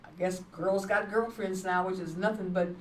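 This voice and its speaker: Speaking at medium pitch with a steady tone and moderate pace, a woman evangelist delivers her testimony, emphatic, repetitive and plainspoken. The sound is far off in an echoey room, with a touch of background noise.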